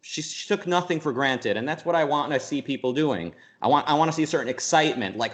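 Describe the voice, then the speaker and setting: A man as an interview guest, talking in a rambling, animated way, full of restarts and quick jumps into mock voices. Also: on the high side. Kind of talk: casual conversational interview.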